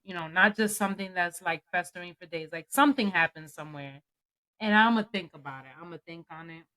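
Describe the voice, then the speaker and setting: A woman co-hosting a casual podcast, telling stories with loud, acted-out quotes and speaking with features. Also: fairly low pitch, a little fast. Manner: animated storyteller, acts out quotes loudly. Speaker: podcast co-host. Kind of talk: casual chat.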